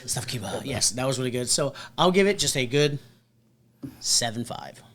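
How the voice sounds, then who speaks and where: A man's voice: mid-range voice, animated, moderate pace, fairly bright tone. A young man chatting casually as a restaurant reviewer, easygoing and jokey, hedging his opinions. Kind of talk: casual chat.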